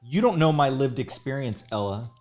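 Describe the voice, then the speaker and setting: A man of ordinary pitch hosts a live drawing stream in loose, casual banter. He jokes constantly and pokes fun at himself. Faint music plays underneath. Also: lively intonation, moderate pace, a little mellow. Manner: joking, self-mocking, playful. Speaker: livestream host sketching live.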